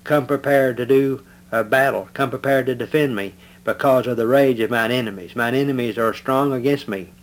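A man at a middle pitch teaches through a psalm verse by verse. He speaks steadily and plainly, pausing often on "uh" as he explains each line. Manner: steady, explanatory, frequent "uh" fillers. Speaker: preacher.

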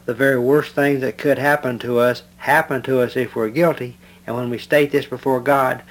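A man at a middle pitch teaches through a psalm verse by verse. He speaks steadily and plainly, pausing often on "uh" as he explains each line. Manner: steady, explanatory, frequent "uh" fillers. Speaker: preacher.

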